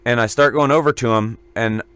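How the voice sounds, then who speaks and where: Man, podcast co-host, loose joking storyteller, mid pitch, dry close sound. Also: fairly quick, fairly bright tone, smooth, dry recording. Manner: rambling, joking anecdotes. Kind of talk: casual storytelling.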